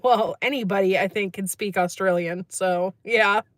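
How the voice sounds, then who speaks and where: A woman's voice: medium pitch, steady tone, moderate pace, no echo, studio quality. Chatty woman hosting a livestream. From United States. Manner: chatty, laughs often, reads chat comments aloud. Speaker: livestream host. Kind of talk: casual livestream chat.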